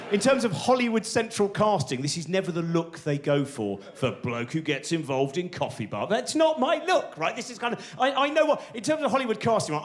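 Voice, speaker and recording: A man in his forties tells a meandering stand-up story and pokes fun at himself. He keeps restarting and wandering into asides. His voice sits high and swings widely in pitch. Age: 40s. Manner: rambling, self-deprecating, lots of restarts and asides. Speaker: stand-up comedian.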